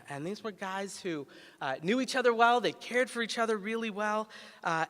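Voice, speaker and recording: A man's voice: high voice, bright, forceful tone. A man in his forties, a pediatrician and city health director, giving a ceremony speech full of personal stories in a conversational, humorous way with frequent "uh" fillers. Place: large ceremony hall. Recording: echoey hall reverb.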